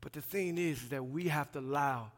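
A man in his thirties preaching a sermon as a pastoral resident, swinging between loud emphatic passages and quiet asides, colloquial and acting out dialogue. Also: fairly high pitch, brisk. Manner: colloquial, plays out dialogue in voices. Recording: long hall reverb.

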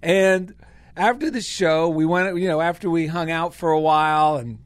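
A man co-hosting a talk show, telling a story in a casual, animated way and acting out the people he quotes. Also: moderate pace, dry recording, clean studio sound. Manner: animated, acts out quoted voices in a higher pitch. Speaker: podcast co-host.

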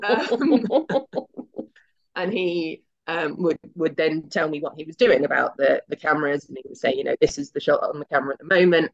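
A middle-aged woman chats through her career story as an interview guest, slipping into little acted-out bits of dialogue. Her voice carries a gravelly edge of vocal fry, and the audio is slightly muffled and lo-fi. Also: low voice. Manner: chatty and anecdotal, acts out quoted dialogue. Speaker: guest, television executive.

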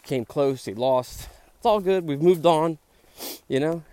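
A man's voice: a little high, measured pace, dark tone, smooth, dry recording. Rambling man talking while walking outdoors. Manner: rambling, chatty, says "dude" and "like" a lot. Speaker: podcast host. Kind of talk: casual walk-and-talk monologue. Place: outdoors on a park trail.

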